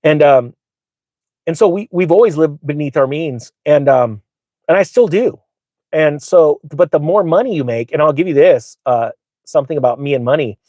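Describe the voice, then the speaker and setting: Excitable middle-aged man telling stories. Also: a little high, normal speed, no room sound. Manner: excitable, boastful, rambling with many fillers. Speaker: finance channel host. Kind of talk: casual storytelling monologue.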